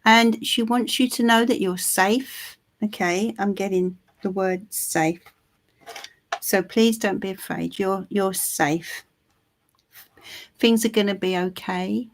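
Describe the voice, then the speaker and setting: A woman giving a live psychic reading, soothing and reassuring, with frequent pauses and restarts. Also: mid-range voice, fairly even intonation. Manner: soothing, reassuring, calls the listener "my love"; halting, with many ums and restarts. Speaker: tarot reader.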